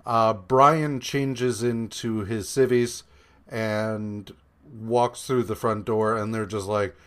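A man hosting a podcast and recapping comic issues in an unhurried, rambling way. He fills his talk with ums and uhs, swears freely, and sums up the characters' lines with dry sarcasm. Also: lowish voice, clean tone. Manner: meandering, profane, many fillers and hesitations; paraphrases characters in a flat, sarcastic retelling. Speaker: podcast co-host. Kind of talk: casual comic-book recap chat.

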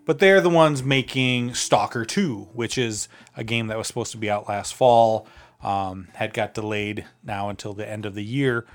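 A man's voice: medium pitch, fairly bright tone, clear, resonant tone. A man co-hosting a casual podcast, chatty, laughing often and using many fillers. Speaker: podcast co-host.

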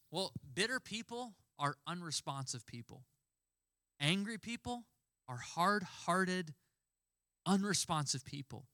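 A man's voice: on the high side, pushed and bright, no echo, studio quality. A young man preaching a sermon in a conversational storytelling way, acting out the dialogue he quotes. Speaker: pastor.

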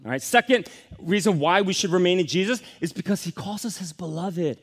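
A pastor in his forties preaches a sermon at a brisk clip. He's emphatic, sinking into soft lows before rising to energetic peaks.

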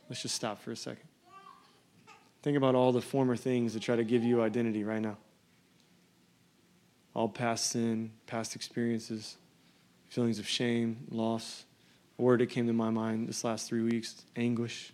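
Earnest pastor in his thirties, flat delivery. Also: mid-range voice, normal speed, long pauses. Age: 30s. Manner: earnest, conversational preaching with emphatic scripture reading. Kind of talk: sermon.

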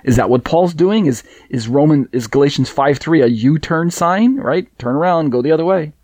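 A man's voice: a little high, lively intonation, moderate pace, a little mellow, no echo. A man teaching a Bible study lesson, explaining verses with rhetorical questions and frequent restarts. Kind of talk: recorded Bible study lecture.

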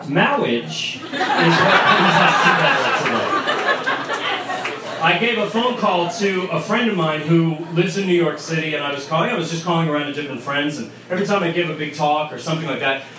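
Chatty priest in an echoey pub. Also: male voice, a little high, quick pace, few pauses. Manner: chatty, storytelling. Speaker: priest giving a talk. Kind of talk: casual talk to a pub crowd. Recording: echoey pub, distant mic, noise.

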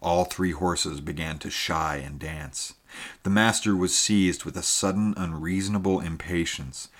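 A man reading a story aloud with a very deep, low voice. His delivery is measured and steady, carrying long descriptive passages at an even keel. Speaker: audiobook narrator. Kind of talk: scripted narration.

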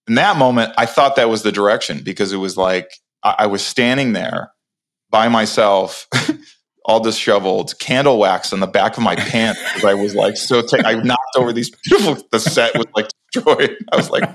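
A man in his forties, a podcast guest, telling an animated story with many restarts and acted-out lines. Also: on the low side, normal speed. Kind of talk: casual storytelling interview.

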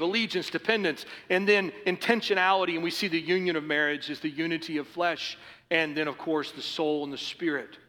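A middle-aged male pastor preaching in a church sanctuary, his bright, forceful voice pitched a little high. He moves from earnest, quiet passages to driving emphasis. The sound carries a long reverb from the hall. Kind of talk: sermon.

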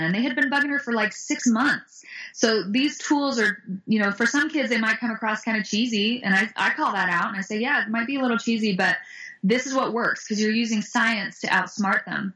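Woman guest on an interview, upbeat and animated, slips into kid voices when she tells stories. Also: fairly high pitch, rough recording. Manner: animated, acts out quoted voices. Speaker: guest speaker on bullying. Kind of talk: interview answers.

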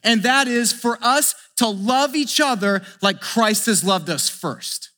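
A man, a pastor, preaching a sermon, animated as he acts out scripture dialogue and drops into quiet asides. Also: very high voice, slow pace, big-room sound.

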